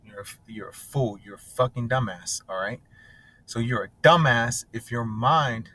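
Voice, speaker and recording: Dude preaching bible verses super blunt and sweary, mid pitch, keeps going "right?". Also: male voice, normal speed, bright, forceful tone, no echo. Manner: blunt and profane, tags lines with "right?" and "bro". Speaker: scripture teacher. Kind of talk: casual profane scripture teaching.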